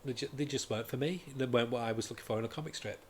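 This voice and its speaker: A man chats casually through a comic review at a middling pitch. He sounds enthusiastic and rambles, often stopping partway and starting a sentence again. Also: racing, slight background noise. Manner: rambling and enthusiastic, with frequent restarts. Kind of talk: casual chat.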